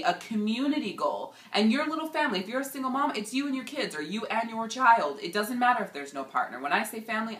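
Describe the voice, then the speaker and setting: A woman in her thirties giving an energetic, emphatic motivational talk as a coach and vlog host. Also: mid-range voice. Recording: echoey room.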